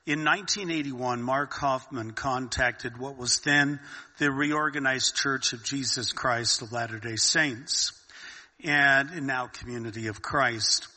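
A man with a very bright, forward tone tells a story slowly and without hurry, pausing on fillers and restarting his sentences. His voice rings with the long reverb of a hall. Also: medium pitch. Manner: unhurried, with many fillers and restarts. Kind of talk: casual storytelling chat.

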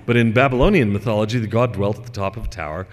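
Speaking at a racing pace, this man's fairly low voice carries a religious lecture through a hall with a long reverb tail. Between scripture readings he drifts into chatty digressions, filling gaps with fillers.

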